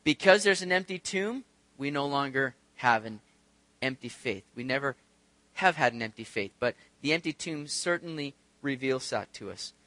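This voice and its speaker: A man's voice: medium pitch, expressive, moderate pace, sharp tone, no room sound. A man preaching a conversational sermon, acting out the voices of the people in his stories. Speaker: pastor. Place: church sanctuary.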